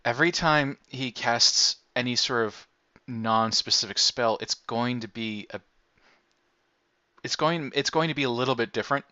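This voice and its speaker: A man's voice: medium pitch, moderate pace, sharp tone, no echo. Hesitant man on a dull mic. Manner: hesitant, restarts sentences. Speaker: player. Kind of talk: post-session chat.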